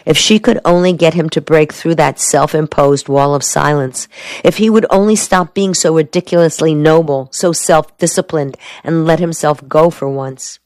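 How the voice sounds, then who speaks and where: Low-voiced woman narrating a novel. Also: moderate pace, darkish tone, no echo. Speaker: audiobook narrator. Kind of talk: scripted narration.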